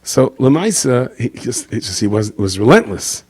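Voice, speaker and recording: Animated rabbi telling stories. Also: male voice, normal speed, husky. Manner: animated storyteller, acts out characters with big pitch jumps, Yiddish-inflected English. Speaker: rabbi giving a Torah talk. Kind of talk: storytelling Torah lecture.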